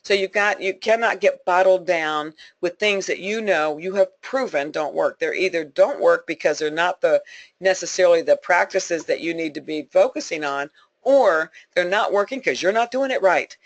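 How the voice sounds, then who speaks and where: A woman's voice: on the low side, moderate pace, no echo, lo-fi sound. A woman leading a sales team, giving a motivational conference call talk in a folksy, emphatic way, repeating points for emphasis and laughing often.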